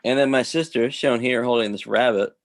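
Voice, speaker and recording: A man's voice: mid-range voice, steady tone, fairly quick. A man talking casually on a video call, rambling with lots of restarts and fillers. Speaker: host.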